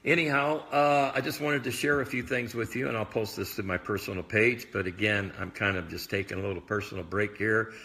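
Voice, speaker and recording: Bright-toned man chatting loosely on livestream. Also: lowish voice, gravelly. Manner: rambling, loose, filler-heavy talk; admits talking fast. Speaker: prophetic minister. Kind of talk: casual live video chat.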